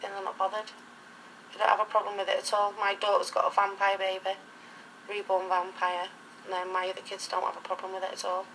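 Middle-aged woman chatting away in an interview, rambly storyteller, medium pitched voice. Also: completely flat delivery, fairly quick, a bit bright, a little hiss or hum, poor audio. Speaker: interviewee, reborn doll collector. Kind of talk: casual documentary interview.

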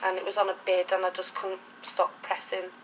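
Middle-aged woman chatting away in an interview, rambly storyteller, medium pitched voice. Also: monotone, fairly quick, fairly bright tone, a little hiss or hum, rough recording. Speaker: interviewee, reborn doll collector. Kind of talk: casual documentary interview.

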